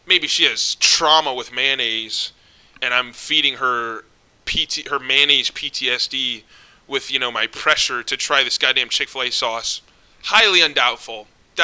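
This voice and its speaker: Young guy ranting on a vlog, super bright edgy voice, kinda high, swears constantly. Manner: profane, exasperated, rising to near-yelling when worked up. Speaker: vlogger. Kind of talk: casual ranting monologue.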